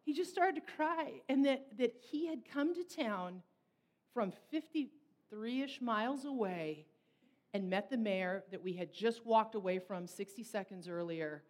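A middle-aged woman telling a personal story in long, animated run-on sentences. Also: fairly high pitch, a little slow. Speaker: speaker. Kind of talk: storytelling talk.

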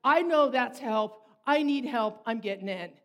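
A woman speaking as an exhausted old male dog who begs for help in short, halting phrases. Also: on the high side, expressive, a bit bright. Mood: desperate.

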